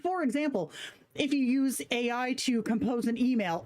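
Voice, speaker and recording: A woman's voice: a little high, animated, moderate pace, a little mellow, slight background noise. A woman hosting a live stream, chatting casually with slang and swearing while reading chat comments aloud. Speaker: livestream host.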